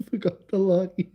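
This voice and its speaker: A man's voice: high voice, husky, muffled recording. A young man telling rambling stories on a casual live stream, laughing often and repeating the same filler words. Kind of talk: casual livestream storytelling.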